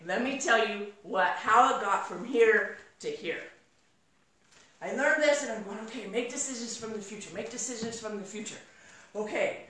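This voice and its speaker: A middle-aged woman giving a live motivational talk to an audience, an energetic storyteller who acts out quoted dialogue. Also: a little high. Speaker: motivational speaker. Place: large room in front of an audience. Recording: echoey room from far off.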